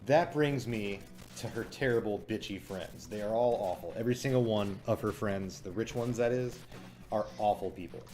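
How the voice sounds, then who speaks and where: Reviewing a show in a chatty, cynical way, a man uses lots of fillers and slips into quick impressions of the lines he quotes. His pitch is fairly low and his tone a little mellow.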